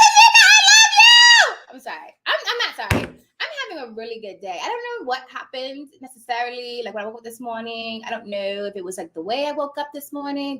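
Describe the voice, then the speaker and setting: Woman host, high and bouncy, hyper and playful, calls viewers darling, plays with a put-on posh accent. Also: noisy background. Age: adult with children. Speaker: host and notary business coach. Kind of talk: casual live-stream chat.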